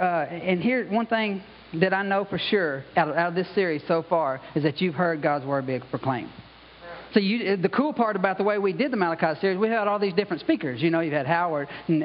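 A man preaching a conversational sermon as pastor in a church, often asking "you know?" and "okay?". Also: sits high. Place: church sanctuary. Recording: dull sound with long hall reverb.

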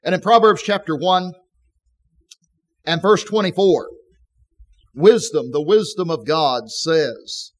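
A man's voice: fairly high pitch, expressive, slow pace, long pauses. A male preacher delivering a sermon, reading scripture verses aloud with emphasis and explaining them.

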